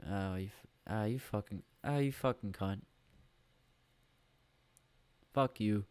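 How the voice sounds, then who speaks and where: A man's voice: mid-range voice, measured pace, dry recording, pitched above the performer's own voice, natural voice. A man putting on an irritable middle-aged male comedian, snappy and profane. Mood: indignant.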